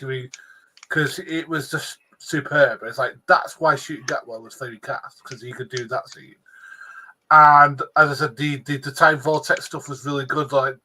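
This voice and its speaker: A man co-hosting a casual review podcast, excitedly retelling scenes in a rush of words. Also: medium pitch, rough recording. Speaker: podcast co-host.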